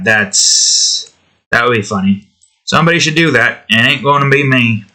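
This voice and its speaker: A man's voice: on the low side, bright, forceful tone. A man hosting an art video, rambling in a profane, sarcastic way while he draws. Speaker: art channel host. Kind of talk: casual commentary while drawing.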